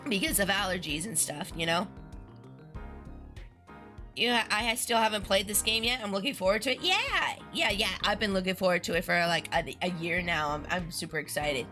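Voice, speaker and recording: Young woman streamer, bright and bubbly, chatty with her audience, soft game music underneath. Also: fairly low pitch, moderate pace. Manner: bubbly, chatty, greets chat excitedly. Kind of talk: casual let's-play chat.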